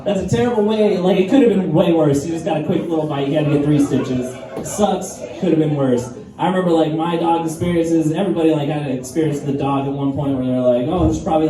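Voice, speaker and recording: A man with a somewhat high voice performs a loose, profane stand-up set, laughing along with his own jokes. The mic sounds distant in a very echoey room. Audience noise is clearly heard throughout. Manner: profane, laid-back storytelling with laughs. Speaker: stand-up comedian. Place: live comedy venue with audience.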